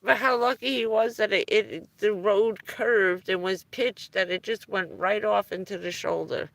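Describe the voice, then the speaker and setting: A woman's voice: mid-range voice, unhurried, gravelly, a bit bright, dry recording. A woman chatting casually on a live stream, telling rambling stories and chuckling often between phrases.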